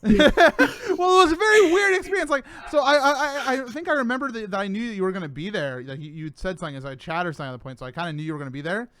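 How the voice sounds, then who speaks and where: A man hosting a casual chat show, excitable and laughing often. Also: high voice, fast talker. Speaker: host.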